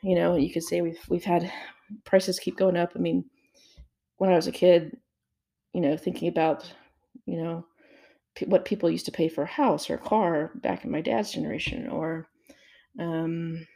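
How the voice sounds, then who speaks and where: A woman's voice: lowish voice, steady tone, moderate pace, gravelly, pauses often, dark tone. A woman giving a casual solo commentary, thinking aloud with fillers and restarts and asking herself rhetorical questions. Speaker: crypto commentator.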